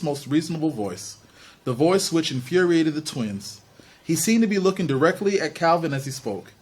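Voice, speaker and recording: A man reading a novel aloud for an online book club, steady and with small slips. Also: on the high side.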